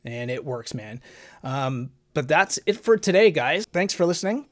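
A man hosting a fitness podcast, explaining training methods step by step in a casual way, with frequent "um" and "right?". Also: mid-range voice. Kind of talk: casual instructional talk.

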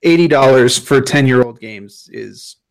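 A man with a gravelly, creaky voice co-hosts a casual gaming podcast. He talks emphatically, picking apart bad remasters with firm conviction, and his voice is worn and starting to go. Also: mid-range voice, unhurried. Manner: ranting, emphatic about game prices. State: losing his voice. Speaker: podcast co-host.

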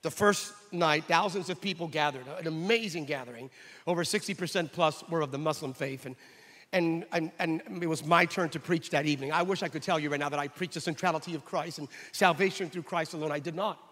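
A man's voice: on the high side, a little fast, a bit bright, in a large hall. A man preaching a sermon as pastor, emphatic, and switching into storytelling that acts out the dialogue.

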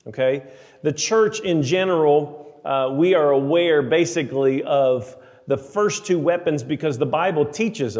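A man preaching a sermon, emphatic, slowing down to read scripture aloud. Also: fairly high pitch, darkish tone, big-room sound. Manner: emphatic, slows for scripture readings.

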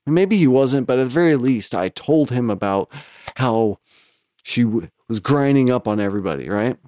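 A man's voice: mid-range voice, animated, normal speed, mellow, dry recording, studio quality. A man with a West Coast American accent telling a story in casual chat, profane and rambling, laughing between lines.

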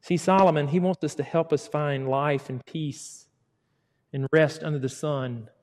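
A man's voice: fairly high pitch, fairly even intonation, a little slow. Man preaching in a big echoing hall. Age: middle-aged. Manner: dramatic, voices the preacher's words, swings from loud to hushed. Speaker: pastor. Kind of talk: sermon. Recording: long hall reverb.

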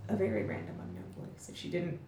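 A woman's voice: very deep voice, sing-song, fast, dark tone, a little hiss or hum. A woman co-hosting a podcast, chatting casually and enthusiastically with plenty of fillers. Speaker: podcast co-host. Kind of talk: casual chat. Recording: roomy echo.

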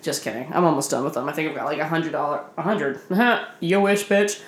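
A deep-voiced woman in her twenties rants quickly in a casual vlog from her apartment, her words echoing around the room. She swears a lot, laughs at her own expense, and sounds worn out.

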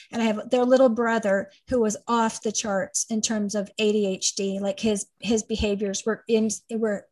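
In a conversational interview, a middle-aged woman, a parent advocate and trainer, tells her story emphatically and at length. Her voice is fairly high and a little mellow, with no echo.

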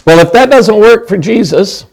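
Older male pastor in his sixties, slightly high voice; chatty, humorous sermon delivery with acted-out quotes. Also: animated, normal speed, creaky, darkish tone. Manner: conversational, humorous, acts out quoted lines.

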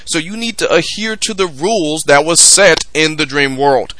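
A man's voice: fairly high pitch, normal speed, hardly any pauses, bright, forceful tone, no echo. A man hosting a podcast, ranting in a casual, emphatic and profane way. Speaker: podcast host. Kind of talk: casual commentary rant.

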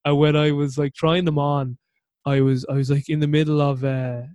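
A man's voice: fairly high pitch, flat delivery, normal speed, a little mellow, dry recording. Rambling Irish man, dry close sound. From Ireland. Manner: rambling, chatty, many fillers and restarts. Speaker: podcast host. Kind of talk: casual storytelling monologue.

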